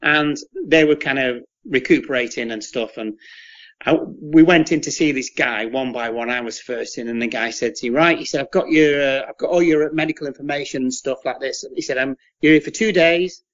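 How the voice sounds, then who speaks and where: An English former footballer, appearing as an interview guest, tells rambling anecdotes in a casual way, repeating words and acting out the voices of people he quotes. His voice is medium in pitch, brisk and a bit bright, though the audio is dull.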